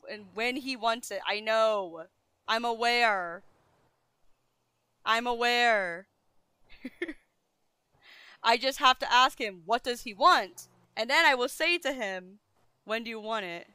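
A woman's voice: on the high side, measured pace, sharp tone, clean tone, no echo. A young woman streaming, talking casually to her chat, flustered and self-deprecating, swearing often as she vents. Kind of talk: casual livestream talk to chat.

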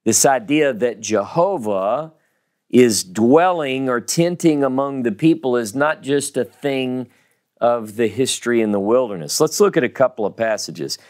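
Southern male Bible teacher, mid-pitched, unhurried, emphatic, repeats words to drive them home. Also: darkish tone. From American South.

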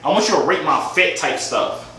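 A man chats and jokes with strangers on a video app, teasing them in a playful, slang-filled way. His voice sits a little high and jumps around lively. The sound is echoey, with background noise in the room. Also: moderate pace. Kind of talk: casual joking video chat.

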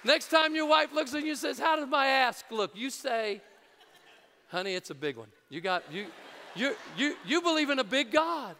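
A man preaching a sermon as pastor in a large church, energetic and jokey, building to shouts. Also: very high voice, normal speed, creaky, a faint crowd, slight background noise. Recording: reverberant church hall.

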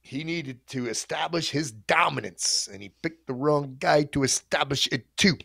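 A man tells a story in a casual, animated way, swearing freely as he goes. His voice has a gravelly rasp. The sound is dry and close, with no room echo. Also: a little high, normal speed. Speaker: coach telling a story on a livestream.

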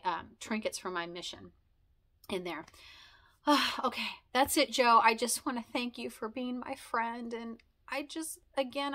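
A woman in her forties reminiscing casually and emotionally to camera, talking fast and stumbling over her words. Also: on the high side, pushed and bright. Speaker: vlogger thanking friends.

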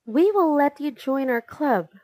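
Woman voicing Wizard, a gruff bossy boy. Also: high voice, lively intonation, unhurried, darkish tone, no echo, voice pushed up. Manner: gruff, commanding. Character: bossy boy leader of a kids' club.

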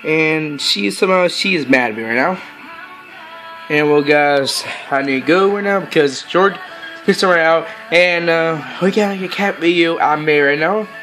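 A man vlogging casually with his cats, rambling and halting with lots of fillers and soft coaxing pet talk. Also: on the high side, soft background music. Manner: rambling and halting, with many fillers and broken sentences.

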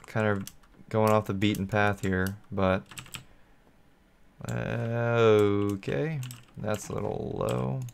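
A man's voice: lowish voice, fairly even intonation, takes it slowly, vocal fry, long pauses, a little hiss or hum. A man hosting his own gaming channel, giving solo gameplay commentary in a rambling, think-aloud way and talking to his viewers.

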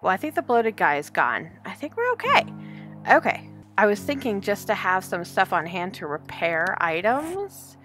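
A woman's voice: medium pitch, wildly swooping pitch, moderate pace, fairly bright tone, faint music behind. A woman hosting a game let's play, chatting as she plays, talking to enemies, easily startled and often laughing. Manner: chatty, thinks aloud, talks to the enemies. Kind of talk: casual gameplay commentary.

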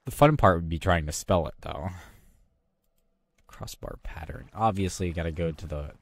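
A man with a very low voice talks his way through a video game in a casual, rambling way. He mutters half to himself and drops dry, self-mocking jokes along the way. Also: normal speed, vocal fry, no echo. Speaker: gaming channel host. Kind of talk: casual gameplay commentary.

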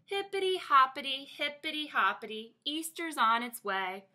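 A woman's voice: on the high side, big pitch swings, normal speed, bright, forceful tone, husky, full character voice. A woman voicing a cheerful, bouncy male frog who sings in a storybook read-aloud. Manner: sing-song, upbeat.

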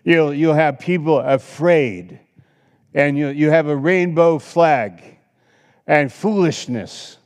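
A man pastor preaching a sermon with passion, swinging between loud exclamations and hushed asides. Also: on the high side, takes it slowly. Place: church sanctuary. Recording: long hall reverb.

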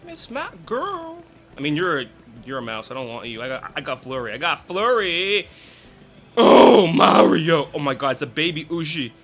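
A man's voice: fairly high pitch, moderate pace, creaky, a bit bright. A young man commenting on his own gameplay in a rambling, self-interrupting way. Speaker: let's play host.

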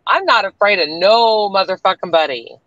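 A woman's voice: mid-range voice, lively intonation, normal speed, a bit bright, no room sound, highs cut off. A woman from the US South with a Canadian-tinged accent, talking bluntly and with plenty of swearing as a guest on a livestream. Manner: blunt, profane, defiant. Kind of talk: livestream chat.

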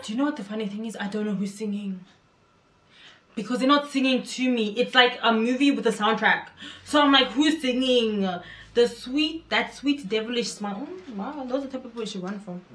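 A woman hosting a reaction video, chatting excitedly and repeating words in quick bursts. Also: on the high side, a little hiss or hum. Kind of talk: casual reaction commentary. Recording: echoey room with music behind. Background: music video playing.

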